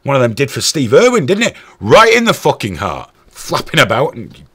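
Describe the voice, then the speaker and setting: A man hosting a podcast, telling stories in a profane, animated way. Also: mid-range voice, normal speed, slightly rough. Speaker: podcast host. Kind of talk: casual chat.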